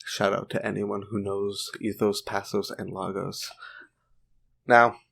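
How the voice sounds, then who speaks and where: A man's voice: on the low side, flat delivery, a little slow, vocal fry, fairly bright tone. A man giving a casual opinion monologue for a video, informal and chatty with joking side remarks. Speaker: video commentator.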